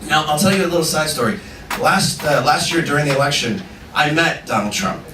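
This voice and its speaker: A male stand-up comedian telling animated, energetic stories on stage with a slightly high voice. He is heard through an echoey live venue, as if from far back, with steady audience noise behind. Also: a little fast. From Indian and American. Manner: energetic, animated storytelling with punchlines.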